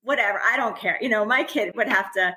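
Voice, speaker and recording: A woman's voice: medium pitch, fairly quick, pushed and bright. A middle-aged woman who is a guest on a podcast, talking candidly and conversationally and laughing often as she speaks. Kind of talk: casual conversational interview.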